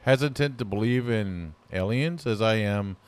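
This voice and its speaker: Low-voiced easygoing podcast host man. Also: moderate pace, a loud crowd. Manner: loose, hesitant, with fillers. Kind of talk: casual chat.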